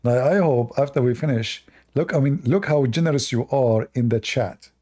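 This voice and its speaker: A man's voice: medium pitch, normal speed, dark tone. A man with a non-native English accent hosting a livestream and giving sarcastic, mocking commentary. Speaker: livestream debate host.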